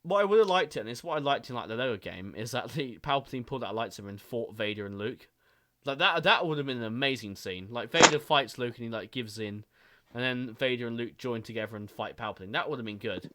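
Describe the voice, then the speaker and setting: A man's voice: medium pitch, expressive, fast, bright, forceful tone. A young man hosting a casual online podcast chat, rambling, swearing a lot and laughing often. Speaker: podcast host.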